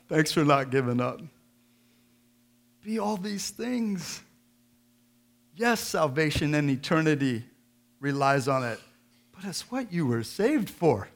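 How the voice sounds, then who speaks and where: A middle-aged man preaching a sermon in church, swinging between joking folksy asides and loud, emphatic scripture reading. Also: a little high. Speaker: pastor.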